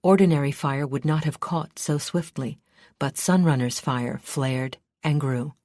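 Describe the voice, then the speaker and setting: A female audiobook narrator reads a scripted fantasy audiobook in a measured, steady storytelling style. Her voice is low-pitched, and the recording is dry and studio quality.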